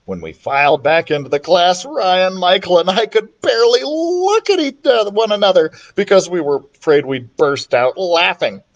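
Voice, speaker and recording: Guy reading a kids book out loud, bouncy lively voice, fairly high, lots of expression. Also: normal speed, few pauses, highs cut off. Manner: expressive, animated. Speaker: children's librarian reader. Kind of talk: storybook read-aloud.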